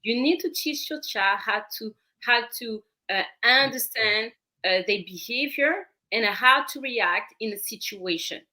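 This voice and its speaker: Her pitch sits fairly high, and her delivery is expressive and unhurried, with a pushed, bright quality and almost no pauses. She's a woman with a French accent, a parenting coach on a talk show, explaining her approach step by step through repeated phrases.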